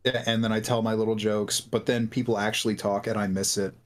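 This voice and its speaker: A man's voice: lowish voice, flat delivery, brisk. A man chatting casually on a stream, rambling and interrupting himself while he works. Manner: rambling, self-interrupting, wry. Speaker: stream co-host. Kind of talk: casual chat while working.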